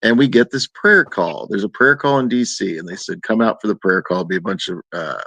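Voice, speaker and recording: A man's voice: a little fast, vocal fry, no echo. A man telling a long story in a casual chat, acting out quoted people in a raised voice. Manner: animated, acts out quoted voices in a higher pitch.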